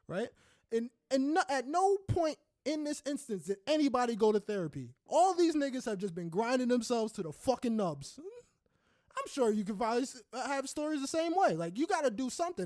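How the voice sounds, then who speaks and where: A man's voice: very high voice, darkish tone, no echo, studio quality. A young man co-hosting a podcast, ranting heatedly and profanely with many restarts in casual talk. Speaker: podcast co-host.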